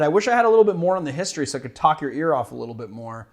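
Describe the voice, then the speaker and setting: A man's voice: a little high, very animated, rapid-fire. Rambling, laughing cocktail show host man. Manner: rambling, self-deprecating, laughs easily. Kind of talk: casual tasting chat.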